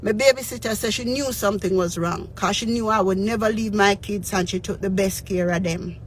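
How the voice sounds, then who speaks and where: A woman with a Jamaican accent tells a personal story in a mid-pitched voice. She is earnest and heartfelt, slips between Patois and English, and keeps checking in with her listeners. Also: a little fast, a little hiss or hum. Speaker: radio DJ and spiritual advisor.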